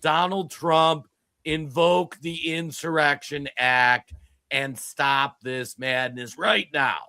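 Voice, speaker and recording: A man's voice: a little high, steady tone, slow pace, bright, forceful tone, clean tone, no room sound. A man co-hosting a political talk show, telling stories in a rambling way with many restarts. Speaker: podcast co-host.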